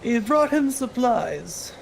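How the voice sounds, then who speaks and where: A man voicing a solemn old male village priest with slow, grave delivery, read off game text. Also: very high voice, big pitch swings, creaky, background noise, full character voice.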